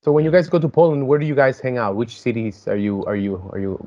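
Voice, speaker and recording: A man's voice: mid-range voice, animated, fast, darkish tone. A man talking as a podcast guest in a casual, hesitant way, with lots of fillers and restarts. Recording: dull lo-fi sound.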